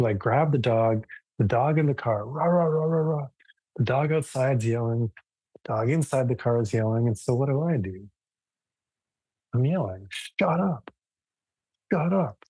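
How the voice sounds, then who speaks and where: A man teaching a relaxed live yoga class online, talking casually and thoughtfully, with frequent restarts. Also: mid-range voice, breathy edge, dry recording, low-quality recording.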